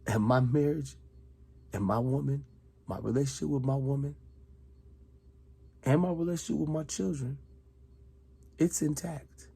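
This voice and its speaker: Unhurried and leaving long pauses, a retired soldier in middle age delivers a heated, repetitive accusation at one person. His mid-range voice carries vocal fry and a breathy edge as he moves between outbursts and hushed asides.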